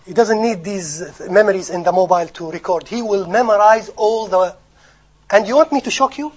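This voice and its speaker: A man giving a sermon, telling stories in an animated, joking way to his audience. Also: sits high, normal speed, poor audio. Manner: animated storytelling with jokes. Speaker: Islamic preacher.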